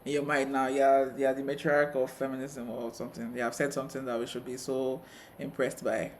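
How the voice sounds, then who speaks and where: A man co-hosting a casual TV review chat, retelling scenes with quick asides. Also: medium pitch, little pitch movement, slight background noise. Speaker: co-host of a TV review channel.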